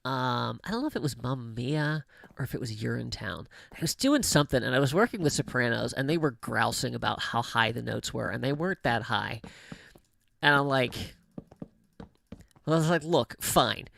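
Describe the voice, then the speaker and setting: A middle-aged streamer chats casually on a livestream, telling stories with laughter and many restarts. His mid-range voice is creaky and a bit bright, with lively intonation and a fairly quick pace.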